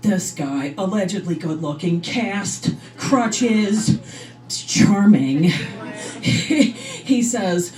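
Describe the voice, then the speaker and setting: A woman comedian telling an energetic stand-up story. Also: medium pitch, drawn-out words, far from the mic.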